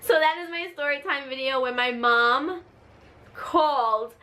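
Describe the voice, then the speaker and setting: A woman hosting her own storytime vlog, chatty and animated, full of filler words. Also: high voice, unhurried, a little hiss or hum. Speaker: vlogger, channel host. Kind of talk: casual storytime monologue.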